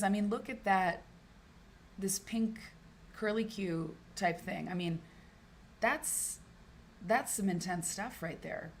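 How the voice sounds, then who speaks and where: Rambling, chatty woman hosting a live stream. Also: fairly low pitch. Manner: chatty, rambling, many fillers and restarts. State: sick, clearing throat and coughing. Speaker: live show host. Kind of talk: casual live-stream chat. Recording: background noise.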